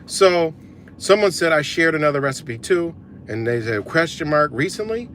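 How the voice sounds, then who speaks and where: A man's voice: on the high side, normal speed, a little hiss or hum. Profane man ranting on a livestream. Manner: profane, animated, talks back to comments. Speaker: livestream host. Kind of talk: casual livestream rant.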